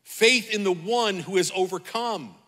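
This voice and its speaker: High, bright-voiced preaching man. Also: measured pace, in a large hall. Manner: fervent preaching, repeating phrases and calling out to the congregation. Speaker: pastor. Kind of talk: sermon.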